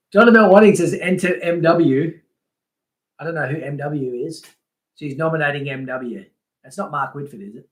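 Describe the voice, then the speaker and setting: A man's voice: on the high side, moderate pace, pauses often. A man hosting a casual fishing live stream, chatting loosely, reading out names from the chat and laughing often. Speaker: livestream host.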